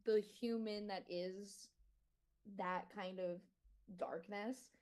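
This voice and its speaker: A woman's voice: mid-range voice, fairly even intonation, very slow, a little mellow. A woman interviewing casually, talking in a bubbly, rambling way.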